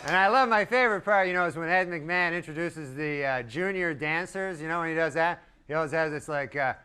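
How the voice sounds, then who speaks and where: A man doing a stand-up routine in a deadpan, rambling way, chuckling at his own jokes. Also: fairly high pitch, brisk, clean tone. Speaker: stand-up comedian. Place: comedy stage with a live audience. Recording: live stage recording with loud crowd and noise.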